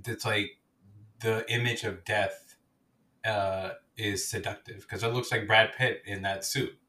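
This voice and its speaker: A man's voice: on the low side, measured pace. A man co-hosting a podcast, telling stories in casual chat and laughing often. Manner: animated storytelling, laughs often. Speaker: podcast co-host.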